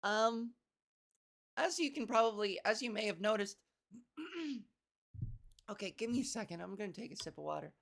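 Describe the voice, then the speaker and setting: A comedian hosting her own podcast delivers a casual solo monologue, rambling loosely in a hoarse, mid-range voice at normal speed with lively intonation and frequent pauses. She swears freely, coughs, clears her throat, and keeps playfully toying with how high or low she pitches her words.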